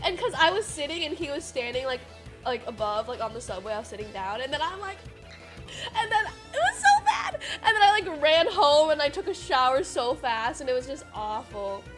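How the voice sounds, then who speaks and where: A young woman livestreamer tells stories to her viewers in a high, very lively voice. She rambles with lots of fillers and the odd swear, and faint music plays behind her. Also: a little fast. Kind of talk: casual stream chat, storytelling.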